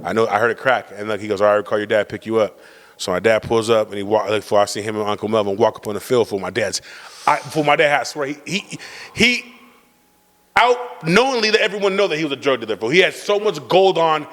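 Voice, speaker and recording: A man's voice: on the low side, quick pace, a bit bright, big-room sound. A man in casual podcast chat, telling profane family stories and acting out the quotes with energy. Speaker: podcast host.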